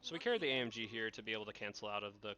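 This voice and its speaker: A man's voice: on the low side, animated, very fast, bright, forceful tone, slight background noise. A man co-commentating on a game run in a casual, rambling way, often correcting himself. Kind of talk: live gameplay commentary.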